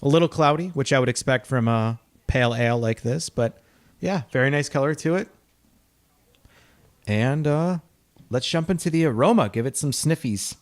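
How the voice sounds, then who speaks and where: A man's voice: mid-range voice, moderate pace, long pauses. A man co-hosting a casual beer-review podcast, upbeat and chatty, laughing often. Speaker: podcast co-host.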